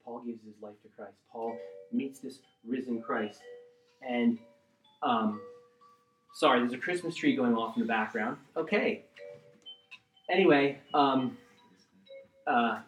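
A man preaching a sermon and teaching from the Bible, swinging between loud emphatic bursts and quiet asides and often checking in with his listeners. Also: medium pitch, slow, long pauses, lo-fi sound, faint music behind. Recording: roomy echo.

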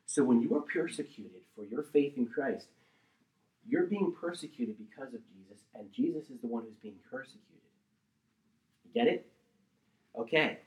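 A man preaching a sermon and teaching from the Bible, swinging between loud emphatic bursts and quiet asides and often checking in with his listeners. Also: medium pitch, animated, normal speed, long pauses. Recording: roomy echo.

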